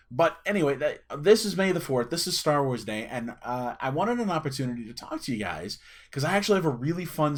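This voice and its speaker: Chatty man telling a story. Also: medium pitch. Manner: chatty, rambling, with many fillers and restarts. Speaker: channel host. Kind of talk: casual storytelling to camera.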